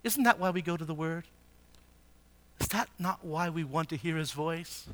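A man preaching a sermon, asking the congregation rhetorical questions and swinging between hushed, slow passages and loud, emphatic ones. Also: on the high side. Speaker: pastor.

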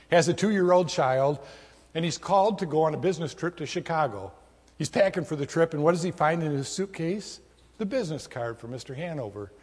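A man's voice: a little high, darkish tone, slightly rough, big-room sound. A man preaching a sermon as pastor, telling a story and leading prayer with an earnest manner.

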